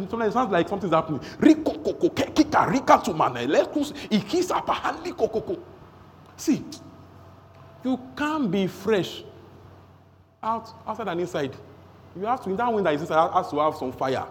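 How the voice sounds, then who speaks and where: A man with a Nigerian accent preaching a sermon, energetic, breaking into rapid tongues and shouts. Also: sits high. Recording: long hall reverb, faint noise.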